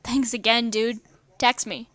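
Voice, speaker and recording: A woman's voice: a little high, level tone, a little slow, a bit bright, dry recording. A woman voicing a feisty, cocky young woman in a read-aloud fan story. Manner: cocky, breezy. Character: feisty young woman, college student, fighter.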